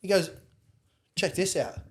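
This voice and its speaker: A young Australian man telling a story in casual chat, animated, acting out other people's lines and swearing casually. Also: sits high, a little slow, slight background noise. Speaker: podcast guest.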